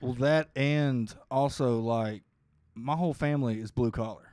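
Easygoing Arkansas drawl, dry and close. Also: male voice, medium pitch, measured pace, darkish tone, dry recording. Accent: Arkansas Southern. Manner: thick drawl, easygoing storytelling. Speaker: comedian guest. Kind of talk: casual chat.

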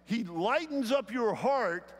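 A man with a Southern US accent preaches in a relaxed, conversational way and drags out the phrases he wants to land. His voice sits high for a man. The sound carries the long reverb of a large church sanctuary. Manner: conversational preaching, slowing down to stress key phrases. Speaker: pastor. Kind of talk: sermon.

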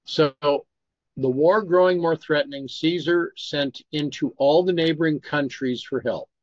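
A man's voice: fairly high pitch, a little slow, no room sound. Man reading history aloud, dry lo-fi. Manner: steady reading, stops to comment on pronunciation. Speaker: Bible study reader.

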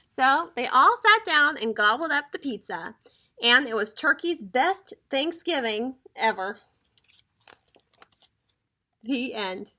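A teacher reading a children's picture book aloud, talking directly to the kids in a lively storytelling way. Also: female voice, high-pitched.

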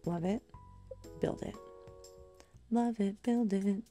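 With faint music playing behind her, she narrates her gameplay casually as the let's play host, speaking straight to viewers and exclaiming and musing as she goes. Her pitch is medium and she takes things slowly, though her manner stays excitable.

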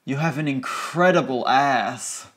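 A man voicing a smug, gloating adult male supervillain, teasing and breathy, in a storybook reading. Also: mid-range voice, unhurried, fairly bright tone, natural voice.

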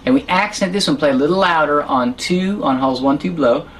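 A woman with a fairly low voice leads a harmonica lesson. She explains each step patiently and counts the beats aloud. A faint hiss sits under the recording. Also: a little fast. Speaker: harmonica teacher. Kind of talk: online music lesson.

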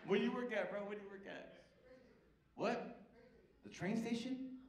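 A man's voice: high-pitched, moderate pace. A male stand-up comedian doing brash, profane, teasing crowd work on a club stage. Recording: echoey club with crowd noise.

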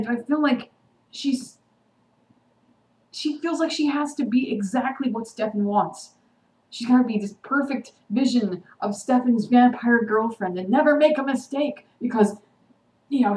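In a casual vlog, a woman with a slightly high, slightly mellow voice recaps a TV episode, getting heated and indignant and slipping into sarcastic mimicry. The room is echoey, with faint ambient noise.

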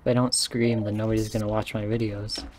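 Hoarse guy streaming a shooter from his room, rambly and jokey, gunfire noise behind. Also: lowish voice, brisk. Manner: rambling and excitable, joking and laughing. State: hoarse, worn-down voice. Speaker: game streamer. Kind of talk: live gameplay commentary. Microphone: desk microphone.

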